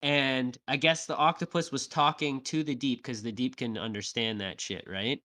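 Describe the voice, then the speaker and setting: A man co-hosting a podcast, recapping a TV episode in a casual, animated way, swearing often and tagging "right?" onto his sentences. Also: mid-range voice, normal speed. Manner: animated, swears a lot, acts out quotes; tag questions like "right?". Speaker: podcast co-host.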